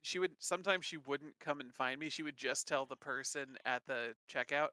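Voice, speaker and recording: A man's voice: medium pitch, normal speed, bright, forceful tone. A young man sharing a childhood memory in casual chat, easygoing and wry. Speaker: podcast co-host.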